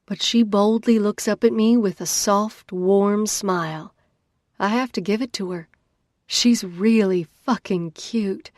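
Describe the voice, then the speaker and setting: A woman's voice: mid-range voice, slow pace, a little mellow, no echo. A female narrator reads a first-person story expressively in a mid-range voice. The recording is dry and close, with no room sound. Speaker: audiobook narrator.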